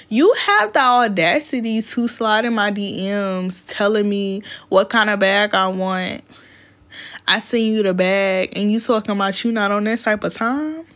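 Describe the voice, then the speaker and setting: A woman's voice: mid-range voice, measured pace, fairly bright tone. A young woman vlogger telling a dating story to camera in casual chat, blunt and profane, laughing often.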